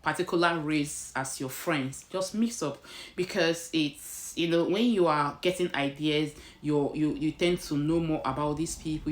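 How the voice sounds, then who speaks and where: A woman with a Nigerian accent chatting casually to camera at home, slipping in Pidgin phrases. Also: deep voice. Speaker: vlogger. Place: indoors at home.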